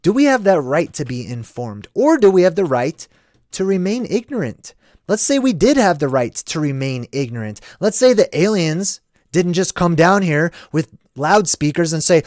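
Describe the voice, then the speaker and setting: A man's voice: fairly high pitch, sing-song, moderate pace, darkish tone, dry recording, studio quality. An American man hosting a casual livestream, rambling and reflective, often checking in with "right?". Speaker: livestream host.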